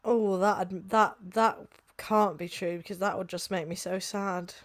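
A woman's voice: medium pitch, steady tone, a little slow. A woman, co-hosting a podcast in casual chat, teasing and giggly. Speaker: podcast co-host.

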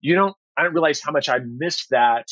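A man talks quickly on a podcast, rambling through his stories with constant restarts, fillers and trailing thoughts. His voice sounds dry and close, with hardly any room around it. He gets animated as he goes. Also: on the high side, dry recording, rough recording. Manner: animated when retelling stories. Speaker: podcast guest. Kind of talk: casual storytelling chat.

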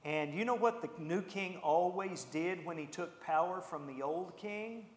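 Animated man preaching in an echoey hall. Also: high voice, measured pace. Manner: animated, acts out the characters' lines. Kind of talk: storytelling sermon. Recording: echoey hall with long reverb.

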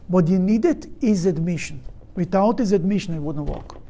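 A man leading a Torah study class, explaining in a halting, animated way and acting out quoted speakers. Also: high voice. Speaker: rabbi teaching a study group.

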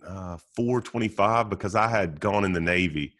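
A middle-aged man talking casually as a podcast guest, telling stories with halting restarts and frequent laughs. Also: sits low, fairly bright tone.

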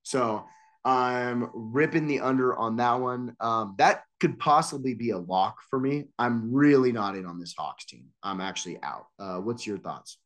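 Male podcast co-host, mid-pitched, casual and decisive when calling over/unders. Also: a little slow, fairly bright tone. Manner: decisive, leads through the picks. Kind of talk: casual sports chat.

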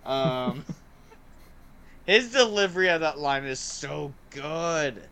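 A man chats casually as a podcast host. His voice is bright and forward. He rambles with eager energy, leaning on "like" and "um" between thoughts. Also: on the high side, measured pace, clean tone. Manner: excited and rambling, heavy use of "like" and "um". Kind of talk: casual movie review chat.

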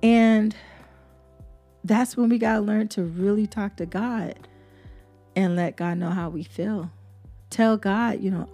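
A woman's voice: medium pitch, fairly even intonation, slow, long pauses, dark tone, soft background music. A woman hosting a devotional podcast, reading Bible verses and preaching in an earnest, repetitive way. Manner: earnest, preacherly, repeats herself for emphasis. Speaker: podcast host.

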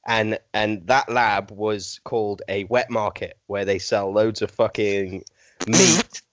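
A man's voice: on the low side, slow, fairly bright tone, no echo, highs cut off. A man co-hosting a podcast, talking in crude, rambling casual banter full of fillers. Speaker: podcast co-host.

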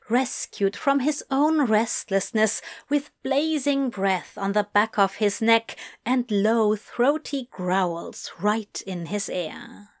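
A woman narrating fan fiction in a soft, hushed, intimate reading voice. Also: a little high.

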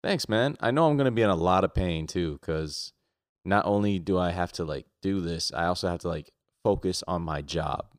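A man's voice: deep voice, normal speed, no room sound, studio quality. A young man co-hosting a podcast in casual chat, loose and self-mocking, swearing freely. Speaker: podcast co-host.

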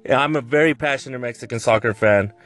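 A man's voice: medium pitch, fast talker, a bit bright, soft background music. A man hosting a podcast in a playful, jokey way, steering the talk between questions. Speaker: podcast host. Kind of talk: casual chat.

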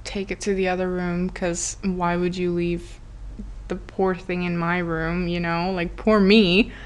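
A woman voicing her middle-aged mother, who talks in a flat, quiet, put-upon way. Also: fairly low pitch, measured pace, clear, resonant tone, natural voice. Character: weary, matter-of-fact middle-aged mother.

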